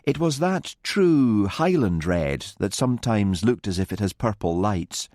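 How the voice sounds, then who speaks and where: A man narrating a mystery audiobook in a measured, expressive storytelling manner. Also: on the low side, no room sound, studio quality. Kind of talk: scripted narration.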